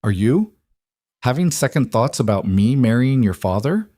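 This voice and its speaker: A man doing a gentle eighteen-year-old bride. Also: medium pitch, very animated, normal speed, dry recording, clean studio sound, voice pushed up. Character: young woman, eighteen, gentle and earnest.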